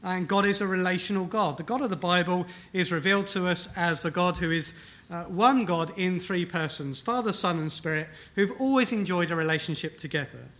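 A man preaching a sermon with a bright, forceful voice set a little high. He leans on key phrases and repeats them. He often asks the room rhetorical questions. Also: fairly quick. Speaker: pastor. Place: church hall with congregation.

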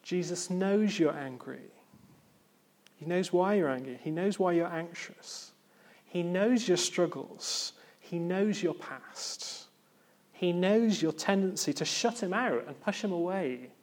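Earnest preacher man, slightly high voice. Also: takes it slowly, a little mellow. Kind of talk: sermon.

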